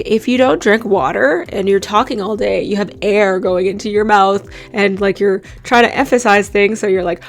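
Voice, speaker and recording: A young woman giving voice and microphone tips in a casual, chatty vlog, talking in an animated way with lots of likes and you-knows. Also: mid-range voice. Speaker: voice-over and radio host giving tips.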